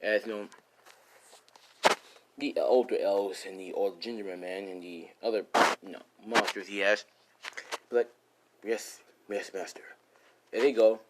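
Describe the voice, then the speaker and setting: A man's voice: fairly low pitch, steady tone, normal speed, pauses often, noisy background. Rambling man telling a fan story. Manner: rambling, full of fillers and 'and he's like'.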